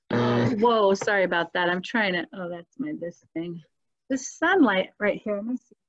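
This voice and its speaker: A woman's voice: medium pitch, very animated, unhurried, a bit bright, lo-fi sound. A woman telling a personal spiritual story in a casual, earnest and emotional way, as a guest on a video call.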